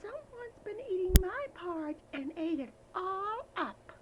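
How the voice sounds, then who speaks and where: A woman voicing a small, weepy boy bear cub in a bedtime story, with a squeaky, whiny manner. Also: big pitch swings, measured pace, muffled recording, very noisy, heavily acted.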